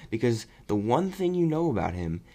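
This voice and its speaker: A young man casually reviewing a movie on his podcast, rambling and animated. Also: medium pitch, normal speed. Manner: rambling, animated, mocking voices when quoting. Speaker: podcast host.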